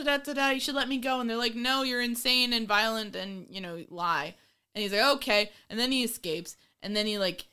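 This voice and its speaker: A woman co-hosting a casual movie-review chat, ranting in an animated, exasperated way with swearing and mocking voices. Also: mid-range voice, smooth. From of Irish descent. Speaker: podcast co-host.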